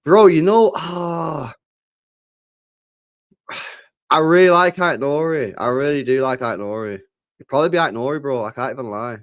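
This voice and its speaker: A man's voice: medium pitch, fairly quick, a bit bright, smooth. A young man streaming live, reading chat and answering in a slangy, laid-back way, repeating himself and swearing freely.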